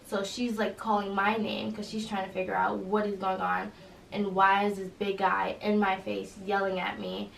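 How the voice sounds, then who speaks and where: Young woman with a gravelly, flat voice. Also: mid-range voice. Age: young adult. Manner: halting, with many "like" fillers. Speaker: interviewee, college student. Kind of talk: recounting an incident in an interview. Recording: roomy echo, distant mic, faint noise.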